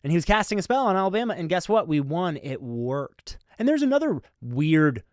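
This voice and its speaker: A man hosting a comedy podcast, telling a rambling story with deadpan, mock-serious asides. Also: fairly high pitch, a little fast, no echo, clean studio sound. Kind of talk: comic storytelling.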